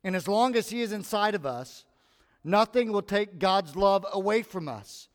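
A man preaching a sermon with animated delivery, acting out the voices he quotes. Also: high voice, normal speed. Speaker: pastor. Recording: long hall reverb.

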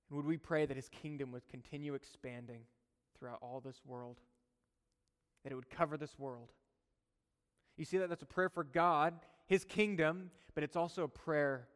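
A man's voice: medium pitch, fairly bright tone, clean tone, in a large hall. A man preaching a sermon in a conversational way, mixing teaching with chuckling personal asides.

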